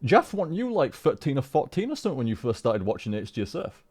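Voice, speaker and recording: A man chatting casually on a live stream, rambling with halting restarts and frequent swearing. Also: mid-range voice, big pitch swings, a little mellow, slightly rough.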